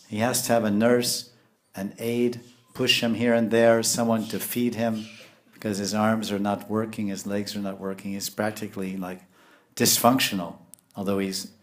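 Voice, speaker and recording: Male spiritual teacher, lower register, patient explanatory lecture delivery. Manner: explanatory, storytelling, sprinkles Sanskrit terms. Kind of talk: devotional lecture.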